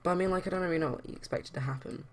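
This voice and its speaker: A woman's voice: fairly low pitch, racing. A young woman chatting casually as a let's play host, rambling with lots of fillers. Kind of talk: casual game commentary.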